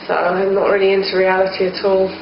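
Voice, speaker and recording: A woman's voice: mid-range voice, completely flat delivery, brisk, reverberant, slight background noise. Musing woman on a muffled old recording. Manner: musing, hesitant, lots of "kind of". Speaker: band member interviewed. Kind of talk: casual chat.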